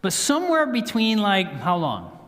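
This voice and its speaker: A man giving a health talk at a church, telling a story in an animated way and acting out what people said. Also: sits high, normal speed. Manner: storytelling, animated, acts out quotes. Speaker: guest speaker. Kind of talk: sermon-style health talk. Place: church sanctuary. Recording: church hall reverb.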